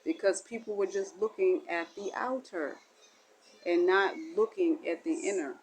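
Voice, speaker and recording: A woman's voice: lowish voice, a little slow, a little hiss or hum, rough recording. A woman delivering a spiritual monologue as a teacher, in a meandering, repetitive and folksy way. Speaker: self-styled spiritual teacher.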